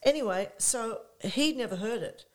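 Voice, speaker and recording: An older woman, a guest in an interview who tells lively stories, acts out her own past thoughts and often says "you know". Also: fairly high pitch, moderate pace. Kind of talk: conversational anecdote.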